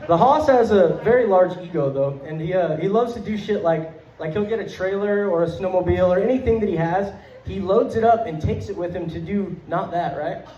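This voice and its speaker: A man's voice: sits high, a little fast, warm tone. A young man performing a stand-up comedy set on a club stage into a handheld mic, rambling and profane, full of fillers, laughing through his lines. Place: comedy club stage before a live audience. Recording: roomy, dull club recording.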